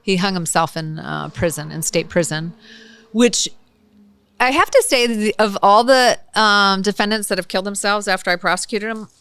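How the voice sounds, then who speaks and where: A woman prosecutor telling a case story in a casual, animated way, laughing and acting out the people in it, on a filmed podcast. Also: mid-range voice, moderate pace, clear, resonant tone, dry recording. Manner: animated, laughing, acts out the people in her stories.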